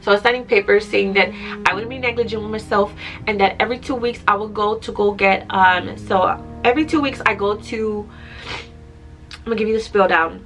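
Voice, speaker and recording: A woman's voice: medium pitch, brisk, fairly bright tone. A young adult woman telling a personal story in a casual vlog, chatty and emotional at times. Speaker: vlogger.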